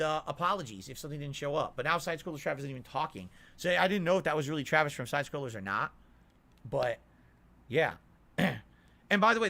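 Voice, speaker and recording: Man, slightly high voice, bright and forceful tone, indignant rant, complaining streamer. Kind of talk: ranting monologue.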